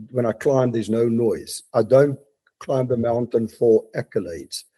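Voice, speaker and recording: A man's voice: mid-range voice, warm tone. A man, a podcast guest talking reflectively from his home study, with frequent restarts. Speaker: guest, mountaineer and business leader. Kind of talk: casual podcast interview.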